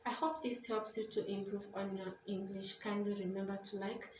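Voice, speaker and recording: Brief: female English teacher, measured explainer reading verse aloud, off-mic in a roomy space. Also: mid-range voice, level tone, recorded from a distance, noisy background. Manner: reads verse aloud, then explains each point slowly. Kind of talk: poetry lesson explaining a poem.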